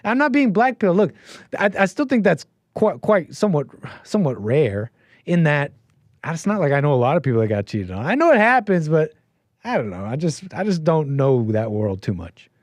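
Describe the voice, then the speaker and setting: A man's voice: on the high side, very animated, moderate pace, no echo. A man hosting a call-in show, talking casually and rambling, with lots of restarts and easy laughs.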